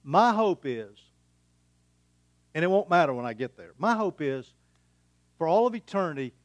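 A middle-aged male pastor preaching in a chatty, folksy manner, tossing out rhetorical questions and bits of homespun humour. His voice sits a little high for a man, and it is recorded close and dry with no room sound around it. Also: big pitch swings, moderate pace, no room sound. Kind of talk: sermon.

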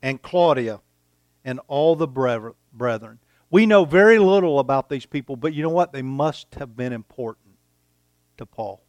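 A man preaching a sermon, reading scripture aloud and pausing for effect between phrases. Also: mid-range voice, expressive, dry recording. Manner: slow, deliberate preaching with dramatic pauses, reading scripture aloud. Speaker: pastor.

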